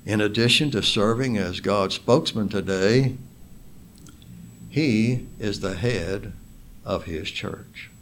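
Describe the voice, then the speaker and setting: Slow, deliberate preacher man. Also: fairly low pitch, a little hiss or hum. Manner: slow, deliberate, stressing single words; reads scripture aloud in King James wording. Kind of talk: sermon.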